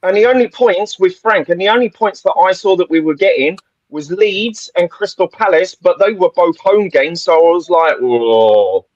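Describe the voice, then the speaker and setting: A man's voice: sits high, normal speed, no room sound, muffled recording. A man giving blunt opinions in a casual football podcast chat, laughing often. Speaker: podcast panelist.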